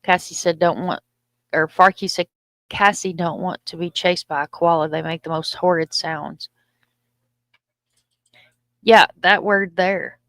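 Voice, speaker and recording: Lady chatting on her live stream, kinda low voice, dry close sound, swears a lot and trips over words. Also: fairly even intonation, a little slow, pauses often, a bit bright, dry recording. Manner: chatty, loose and profane, stumbles over words. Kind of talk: casual live stream chat, reading comments aloud.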